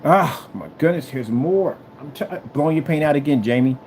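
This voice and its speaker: A man's voice: normal speed, slight background noise. A man showing off his product in a vlog, taunting a rival and repeating his jabs. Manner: taunting and trash-talking, repeats phrases; animated swings between loud and low. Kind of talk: boastful product demo vlog.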